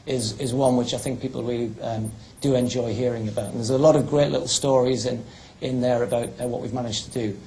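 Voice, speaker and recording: A man's voice: medium pitch, fairly even intonation, a little fast, dark tone, a little hiss or hum, poor audio. A middle-aged British man, a former athlete and broadcaster, giving a chatty public talk full of anecdotes. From United Kingdom. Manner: chatty, restarts, tells stories.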